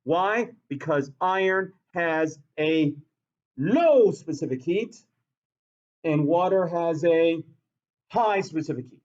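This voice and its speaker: A male science teacher lecturing a classroom in an animated way, with a fairly high voice and an unhurried delivery. He repeats points and calls on students. The recording is dull and lo-fi.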